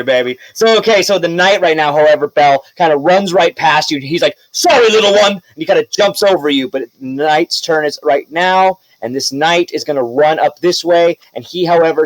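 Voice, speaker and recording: A man's voice: fairly high pitch, normal speed, hardly any pauses, dry recording, low-quality recording. A man running a tabletop role-playing game as game master, narrating casually with laughs and swearing.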